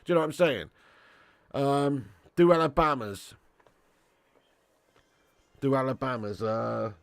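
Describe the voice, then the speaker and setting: A man's voice: medium pitch, a little slow, creaky, long pauses, no echo. British man, football stream host, chatty, laughing, reads chat aloud, dry close sound. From Britain. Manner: chatty, laughs often, calls viewers mate and lad. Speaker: football watch-along streamer. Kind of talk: live stream chat, reading viewer comments.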